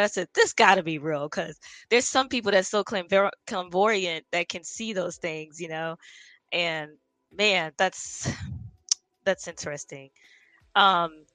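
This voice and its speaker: A woman hosting a casual interview, thinking aloud in a relaxed way with many fillers. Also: mid-range voice, a little slow, no room sound. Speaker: podcast host.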